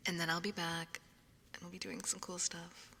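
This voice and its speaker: A young woman streamer talks casually with her viewers in a somewhat low voice, slipping now and then into a soft whisper close to a binaural microphone. A long reverb trails behind her words, with a faint hiss underneath. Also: flat delivery, normal speed, gravelly. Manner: chatty, often dropping into a soft whisper. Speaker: ASMR streamer. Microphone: binaural ASMR microphone.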